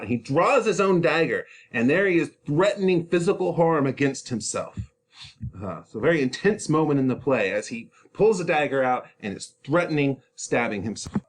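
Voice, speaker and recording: A man's voice: mid-range voice, big pitch swings, moderate pace. A man teaching a play, explaining each scene casually with chatty asides.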